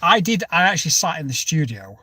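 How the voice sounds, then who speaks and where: A man hosts a casual live chat from his home studio, reading out viewer comments and spinning wry anecdotes that keep jumping into lively outbursts. His voice sits a little higher than most men's. It comes through a dry, slightly distant microphone. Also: brisk, slightly rough, no room sound. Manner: chatty, wry storytelling with sudden animated outbursts. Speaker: livestream host.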